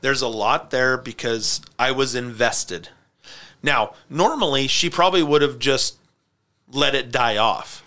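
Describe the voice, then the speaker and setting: A man hosts a podcast and tells a story in loose, casual chat. His voice sounds bright and forward, and he tells it in an animated way, laughing often. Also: mid-range voice, a little slow. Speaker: podcast host.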